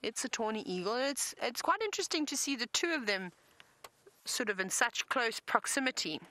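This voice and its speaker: Bright chatty woman guiding a safari. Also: a little high, big pitch swings, normal speed, rough recording. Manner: chatty, enthusiastic, self-deprecating. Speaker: safari guide presenter. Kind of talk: live safari commentary. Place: open safari vehicle outdoors in wind.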